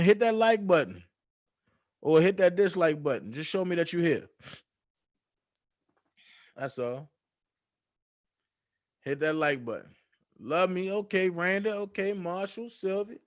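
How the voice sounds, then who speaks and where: A man hosting a casual livestream, talking in a playful, drawn-out, sing-song way and greeting viewers by name. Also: high-pitched, animated, no room sound, clean studio sound. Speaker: livestream host.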